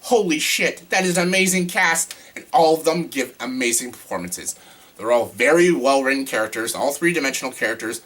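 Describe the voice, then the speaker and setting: A man casually ranking his favorite films in a vlog, gushing and excitable, with casual swearing. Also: mid-range voice, fairly quick. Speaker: movie reviewer.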